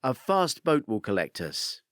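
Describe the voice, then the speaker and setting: A man's voice: mid-range voice, very animated, unhurried, fairly bright tone, no room sound, clean studio sound. A man voicing a cornered, defiant female accomplice who answers in insistent, clipped replies. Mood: cold.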